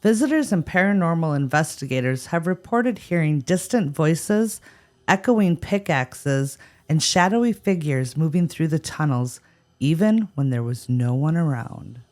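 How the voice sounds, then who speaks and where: Sarcastic woman with an animated voice. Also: low-pitched, a little slow. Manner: wry, sarcastic skeptic. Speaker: podcast co-host. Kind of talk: scripted paranormal podcast chat.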